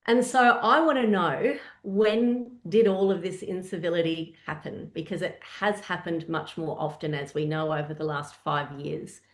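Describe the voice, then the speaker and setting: A woman's voice: on the low side, normal speed, hardly any pauses. Australian woman storytelling in an echoey room. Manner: conversational storytelling, animated asides. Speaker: webinar presenter. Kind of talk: presenting a webinar talk.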